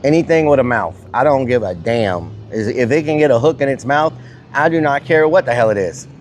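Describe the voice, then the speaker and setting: A man's voice: medium pitch, lively intonation, a little fast, a little hiss or hum. A middle-aged man live-streaming while fishing outdoors by a river, chatting casually with his viewers and swearing freely. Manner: blunt, swears casually, answers chat. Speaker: livestreamer.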